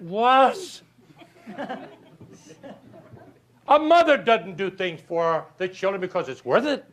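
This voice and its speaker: An older man giving a motivational talk, telling folksy stories and asking rhetorical questions, swinging from loud to hushed. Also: high voice, sing-song, normal speed. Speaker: motivational speaker. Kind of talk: motivational speech.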